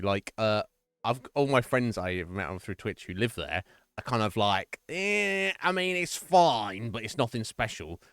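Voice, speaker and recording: A man streaming live and chatting casually with viewers, chatty and profane and quick to laugh, from a home setup. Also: fairly low pitch, fairly bright tone, dry recording, studio quality. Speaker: Twitch streamer.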